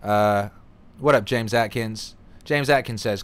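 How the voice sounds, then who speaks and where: A man's voice: on the low side, a little slow, few pauses, clear, resonant tone. A man hosting a livestream, reading out viewer comments in a rambling, playful, profane chat. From United Kingdom. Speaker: livestream host.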